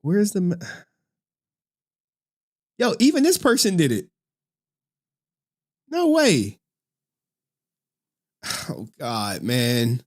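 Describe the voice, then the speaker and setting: A man streaming live, giving commentary in an animated, exasperated rant with frequent swearing. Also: fairly high pitch, drawn-out words, long pauses.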